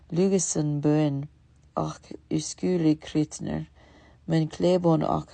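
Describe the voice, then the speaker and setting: Brief: woman reading as a starving young male beggar, pleading, low and gravelly. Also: dark tone, no room sound, full character voice. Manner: pleading, slow and drawn out. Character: starving ragged young man begging in many tongues.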